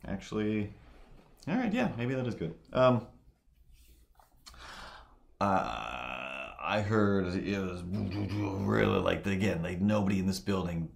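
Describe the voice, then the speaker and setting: A man's voice: low voice, very animated, slow pace, gravelly, pauses often. A man chatting loosely on a live stream, telling rambling stories full of fillers and restarts. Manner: meandering, filler-heavy storytelling.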